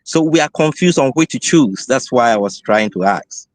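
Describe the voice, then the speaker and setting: A man's voice: medium pitch, animated, moderate pace, no room sound. Hesitant male caller, dry sound. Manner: hesitant, many fillers. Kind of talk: phoned-in question on a live show.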